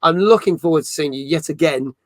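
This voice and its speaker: A man's voice: on the high side, fairly quick, no room sound. A middle-aged man hosting a casual gaming chat, rambling and joking with many fillers. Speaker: host.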